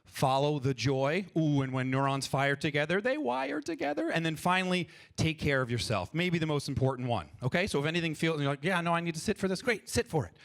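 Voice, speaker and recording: Playful, high-voiced man leading an audience. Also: a little fast, creaky, hardly any pauses. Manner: energetic, playful, coaxing the crowd. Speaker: improv performer and workshop leader. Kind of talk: live freestyle rap and workshop talk to an audience. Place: large conference stage before a live audience. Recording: live event with audience noise.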